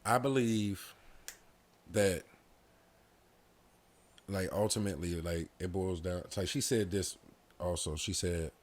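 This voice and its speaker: A man's voice: low-pitched, slow, pauses often. A man talking candidly as a podcast guest, telling a personal story in an open, heartfelt way with many casual fillers. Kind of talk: casual conversation.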